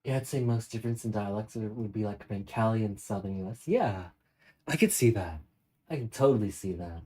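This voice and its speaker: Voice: medium pitch, expressive, a little fast, warm tone, slightly rough, rough recording. A young adult streamer from Northern California with a Northern Californian accent, chatting casually and rambling while answering viewers. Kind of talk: casual livestream chat with viewers.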